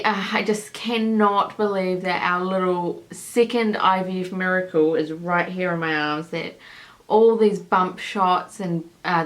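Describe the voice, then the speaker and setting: A vlogger in her thirties from New Zealand chats casually to the camera while holding and breastfeeding her newborn, rambling emotionally with plenty of fillers. Her voice is on the low side with a fairly bright tone, and the recording is rough.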